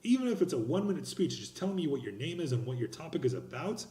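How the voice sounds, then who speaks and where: A man's voice: on the high side, very animated, fast talker, warm tone, roomy sound. A young man teaching a college class, explaining course policies in a casual, rambling and blunt way, with slang and restarts. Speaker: college instructor. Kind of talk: recorded online class lecture.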